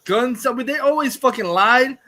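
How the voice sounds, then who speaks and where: A man's voice: very high-pitched, normal speed, pushed and bright. A man hosting a livestream, ranting heatedly, cursing and mocking as he talks. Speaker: livestream host. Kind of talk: profane ranting chat.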